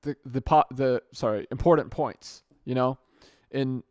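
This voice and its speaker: A young podcast host delivers a casual solo monologue into a good podcast microphone, rambling and often restarting or correcting himself mid-sentence as he thinks aloud. His voice sits at an ordinary middle pitch with a darkish tone, and he speaks a little slowly. The recording is dry, with no room echo.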